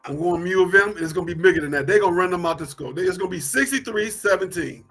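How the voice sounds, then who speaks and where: A man's voice: high-pitched, rapid-fire, a bit bright, slightly rough, faint music behind. A man co-hosting a casual sports talk show, loose and repetitive, laughing easily as he talks picks.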